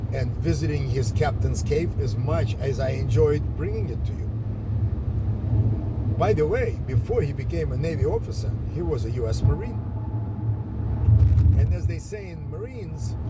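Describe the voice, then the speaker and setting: A man from the Soviet Union hosts a casual interview show, talking in a chatty, enthusiastic way. His voice sits fairly high. He is recorded outdoors on the street, with loud traffic noise behind him. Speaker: show host. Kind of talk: casual interview and vlog sign-off.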